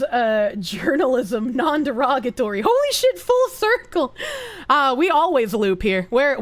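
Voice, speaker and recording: A woman streamer chatting casually and reading viewer messages aloud, blunt, swearing a lot and laughing often. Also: high voice.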